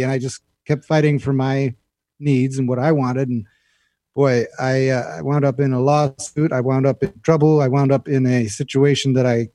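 A male guest telling stories in a casual chat, lively and acting out the voice in his head. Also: mid-range voice, a little fast, dry recording. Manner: animated storyteller, acts out an inner voice. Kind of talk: casual storytelling.

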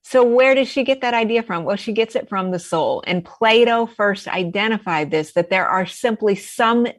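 A woman author speaking as a guest on a radio show. She explains her ideas in a measured, orderly way, at an even middle pitch.

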